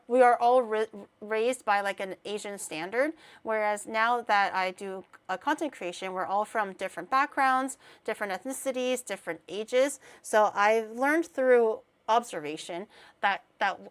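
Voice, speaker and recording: A young woman streamer from Canada talks casually in a slightly high voice. She rambles, breaks off mid-word to restart, and laughs at herself as she goes. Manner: rambling, with many restarts and fillers; giggly, self-deprecating. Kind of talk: casual chat.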